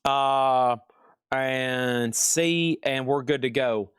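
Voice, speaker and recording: A man hosting a live-streamed record auction, calling bids and sales in a fast, chatty, upbeat patter. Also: mid-range voice, a bit bright, clean tone, dry recording, clean studio sound.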